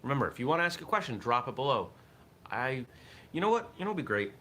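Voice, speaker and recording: This martial arts morning show host has a medium-pitched voice with big pitch swings and a bright, forceful tone, and he talks fast. He thinks aloud reflectively in casual livestream chat, with a little hiss or hum on the audio.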